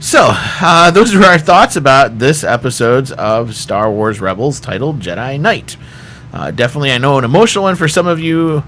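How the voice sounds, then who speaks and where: Bright-voiced male podcast host. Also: medium pitch, lively intonation, normal speed, a little hiss or hum. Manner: leads discussion, asks panel for ratings. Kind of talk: casual panel chat. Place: podcast studio.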